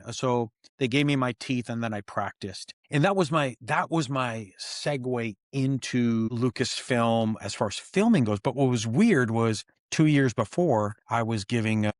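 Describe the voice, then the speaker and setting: A man's voice: mid-range voice, no echo, clean studio sound. A man, a stuntman guest on an interview show, telling stories casually and acting out what people said. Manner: animated, acts out quotes.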